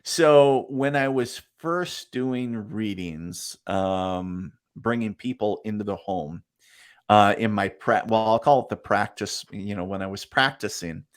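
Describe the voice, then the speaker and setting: Animated male storyteller. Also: fairly low pitch, a little slow, clean tone. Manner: animated storyteller, acts out quotes, laughs often. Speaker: guest psychic medium. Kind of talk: casual interview storytelling.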